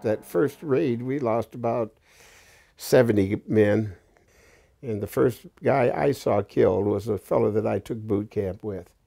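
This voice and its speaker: A man's voice: on the low side, a little slow, vocal fry, warm tone, soft background music. An elderly man in his eighties, a war veteran, recounting his experiences in a blunt, plain-spoken documentary interview. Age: 80s. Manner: plain-spoken, blunt storytelling with occasional profanity.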